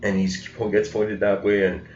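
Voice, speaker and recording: A man's voice: fairly low pitch, little pitch movement, normal speed, a little mellow. A man giving a casual storytelling lecture, rambling and acting out the quoted lines with rising intensity. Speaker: spiritual lecturer. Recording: roomy, dull lo-fi recording with faint music.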